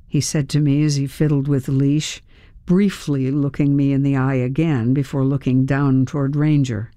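A woman's voice: deep voice, fairly even intonation, moderate pace, dark tone, no room sound, studio quality. A woman narrating a first-person audiobook with a wry, dryly humorous manner.

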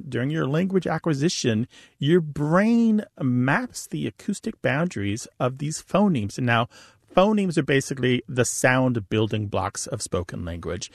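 A man who is a linguist, explaining to a caller in a lively way and laughing easily. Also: medium pitch, creaky, no room sound, studio quality. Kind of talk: call-in chat, explaining.

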